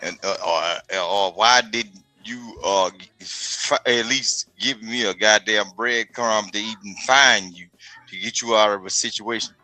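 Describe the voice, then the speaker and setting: A man's voice: fairly low pitch, steady tone, a little slow, sharp tone, dry recording, poor audio. A man talking in casual chat, telling things in a profane, streetwise way. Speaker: podcast guest.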